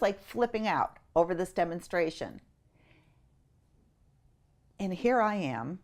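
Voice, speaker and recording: A middle-aged woman, an interview guest, tells a personal story in an animated, emotional way and acts out the voices of the people in it. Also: fairly low pitch.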